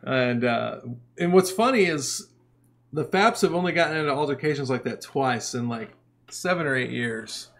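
A man's voice: medium pitch, normal speed, creaky. A man casually telling a rowdy story on a podcast, swearing freely and laughing as he goes. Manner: profane, laughing, animated storyteller. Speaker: podcast co-host, punk musician.

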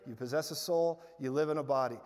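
A man preaching a sermon, telling stories in an animated way with bursts of loud laughter. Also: a little high, quick pace. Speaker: guest preacher. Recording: hall reverb.

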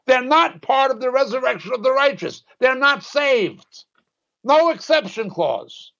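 A man with a high voice preaches with emphatic, insistent force. He drives his points home with sudden drops in pitch. The recording sounds dull and lo-fi. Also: big pitch swings, a little slow, creaky, a bit bright. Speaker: Bible teacher. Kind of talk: sermon.

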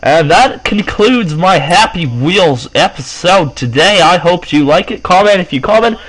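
A young man doing let's play commentary, excitable and prone to high yelps and shrieks. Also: a little slow, low-quality recording. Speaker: gameplay commentator.

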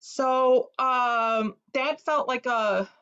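A woman from Chicago, an author giving a talk, recounting a personal story in an earnest, emotional way with hesitant pauses. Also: sits high, a bit bright, smooth, lo-fi sound. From Chicago, USA.

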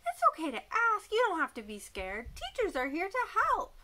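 A woman's voice: very high-pitched, huge pitch swings, normal speed, sharp tone, heavily acted. A woman voicing a kind, encouraging young boy who reassures his friend in a children's lesson. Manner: cheerful and reassuring.

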